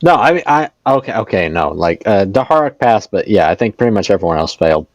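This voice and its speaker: A man's voice: fairly low pitch, big pitch swings, quick pace, no room sound, highs cut off. A man playing in a tabletop game, swearing, laughing often and complaining in mock exasperation. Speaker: player. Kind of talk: casual tabletop game banter.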